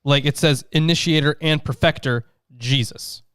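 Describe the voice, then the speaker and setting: A man co-hosting a casual chat, explaining a text and often pausing with filler sounds. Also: on the high side, fairly bright tone, clean tone, dry recording, studio quality. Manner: hesitant, many filler sounds while explaining. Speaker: co-host.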